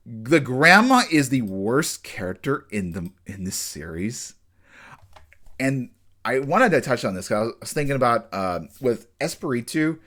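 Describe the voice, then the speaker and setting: A man's voice: mid-range voice, sharp tone. Man rambling through an anime review. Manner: rambling, with frequent restarts and fillers; acts out characters' lines in quick bursts. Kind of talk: casual episode review.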